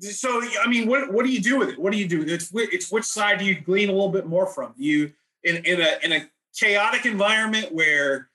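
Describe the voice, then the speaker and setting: A man breaks down numbers in a relaxed podcast chat. His voice sits a little high and comes across bright and forward. He explains at a measured, methodical clip. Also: poor audio. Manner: data-heavy, measured explanations. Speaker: golf stats analyst on podcast.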